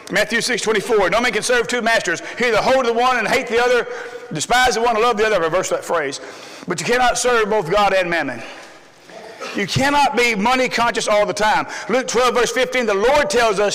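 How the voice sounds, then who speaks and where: A middle-aged man, preaching a folksy sermon full of stories, swinging between loud emphasis and low asides. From Texas. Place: church sanctuary. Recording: long hall reverb.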